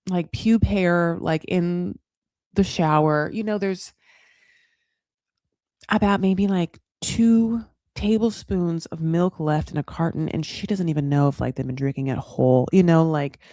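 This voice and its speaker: A woman with a lowish, dark voice hosts a casual reality TV recap, recorded studio-quality with no room sound. She's chatty and frank, swears freely, and puts on dramatic voices when quoting people.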